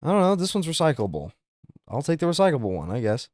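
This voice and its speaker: A young man streaming live, chatting casually with viewers and reacting to things with loud, incredulous, profane outbursts. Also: a little high, big pitch swings, quick pace, no room sound, studio quality. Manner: incredulous, swearing, exaggerated reactions.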